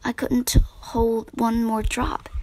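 A woman voicing a gentle, sweet young girl in a storybook reading. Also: a little high, little pitch movement, slow. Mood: happy.

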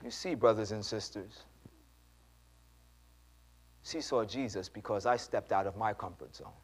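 A man preaching a sermon in a church, telling a story with animated delivery and acting out the dialogue. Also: lowish voice, measured pace. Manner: animated, acts out dialogue, addresses congregation.

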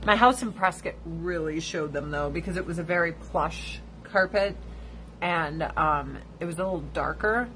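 A woman hosting a casual livestream chat, telling blunt, profane stories and squealing high when she imitates other people. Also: moderate pace, fairly bright tone, a little hiss or hum, low-quality recording. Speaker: livestream host.

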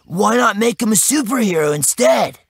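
A man voicing Sam, a skeptical boy who is the narrator's friend in a storybook, raised in pitch and teasing. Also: animated, normal speed, vocal fry, breathy edge, dry recording, exaggerated voice.

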